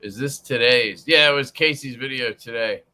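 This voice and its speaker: A man's voice: medium pitch, normal speed, bright, forceful tone. A young man hosting a casual livestream, joking, cursing freely and greeting chat viewers by name. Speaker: livestream host.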